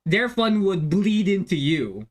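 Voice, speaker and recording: A high-pitched man with big pitch swings and a slow pace acts as host and dungeon master, telling a game story in casual chat with friends. He rambles, restarts sentences often and uses many fillers.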